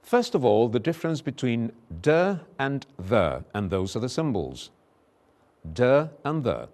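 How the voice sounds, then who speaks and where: A man teaching English pronunciation in a recorded lesson, slowly repeating example words with careful articulation. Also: mid-range voice, big pitch swings, darkish tone.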